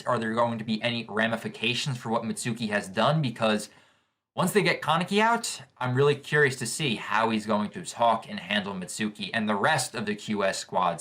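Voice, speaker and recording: A man hosting a casual live reaction to a manga chapter, gushing with excitable exclamations as he reads along. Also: medium pitch. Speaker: manga reaction channel host.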